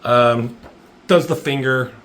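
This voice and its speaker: A man's voice: medium pitch, slow pace, slight background noise. A man casually recapping a comic book page by page, swearing freely and getting worked up over the fight scenes, with lots of fillers. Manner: profane, excitable play-by-play with lots of fillers.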